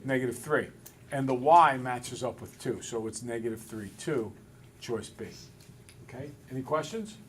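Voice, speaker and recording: A male math teacher in a classroom, relaxed and a little self-deprecating, talking through each step aloud. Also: medium pitch, moderate pace, slight background noise. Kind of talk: classroom lesson. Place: school classroom with students.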